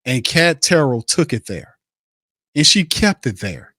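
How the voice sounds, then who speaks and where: A man's voice: fairly high pitch, very animated, unhurried, bright, forceful tone, no echo, clean studio sound. A man hosting a sports podcast, ranting in blunt, profane, repetitive bursts. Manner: fired-up ranting, repeats himself, blunt and profane. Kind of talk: heated sports commentary.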